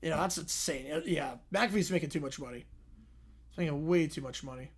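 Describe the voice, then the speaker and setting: A young man hosting a casual livestream, answering viewer questions with quick reactions and frequent "yeah"s. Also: on the high side, slightly rough. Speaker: livestream host reading chat.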